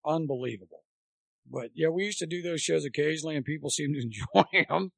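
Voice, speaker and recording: A man with a rough, gravelly edge and a slightly raised pitch rambles through animated stories from his coaching days. He talks as a chatty guest, loose and anecdotal. The sound is dry and close. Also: fast, no room sound. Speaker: guest, former college baseball coach.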